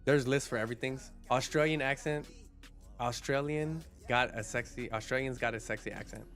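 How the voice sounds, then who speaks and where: Male streamer, casual chat with viewers, middle-of-the-road pitch, faint background music. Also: brisk, fairly bright tone. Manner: chatty, reads chat aloud, frequent restarts. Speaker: livestreamer.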